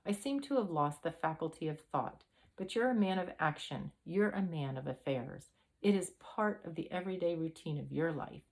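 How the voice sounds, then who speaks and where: A woman's voice: low voice, expressive, normal speed, vocal fry, a little mellow. A woman voicing a fussy, self-pitying old male professor with a mincing manner. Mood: lamenting.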